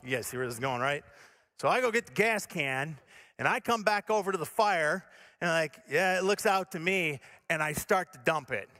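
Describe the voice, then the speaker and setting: A male pastor telling a story in a sermon, animated and self-mocking, acting out his own panic. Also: fairly high pitch, moderate pace. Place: church stage.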